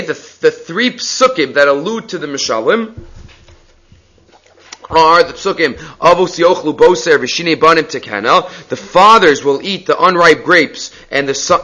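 Animated, bright-voiced male Talmud teacher. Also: on the high side. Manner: animated storyteller, acts out quotes, frequent restarts. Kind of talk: lively text study lecture. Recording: slightly dull lo-fi audio.

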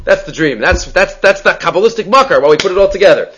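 A man teaching a Talmud class, explaining briskly and repeating key phrases as he goes. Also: sits high, lively intonation, a bit bright, highs cut off, a little hiss or hum.

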